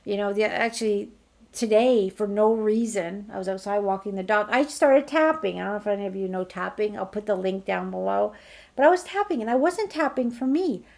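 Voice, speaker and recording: A woman leading a group healing call, talking listeners through it in a gentle, reassuring, slow guiding way. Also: medium pitch, gravelly. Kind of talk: guided healing talk.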